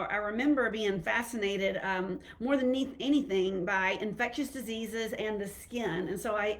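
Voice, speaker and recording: Chatty Southern woman, a bit breathless. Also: on the high side. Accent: Southern American. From Southern United States. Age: middle-aged. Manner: chatty, rambling, with many fillers and restarts. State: a little out of breath. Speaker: internal medicine physician hosting a live stream. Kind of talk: casual live-stream talk.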